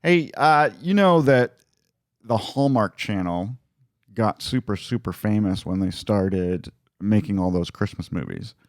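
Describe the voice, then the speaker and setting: A man's voice: on the low side, a little slow, no room sound. A man co-hosting a casual comedy podcast in a studio, chatty and laughing as he reads news items. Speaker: podcast co-host.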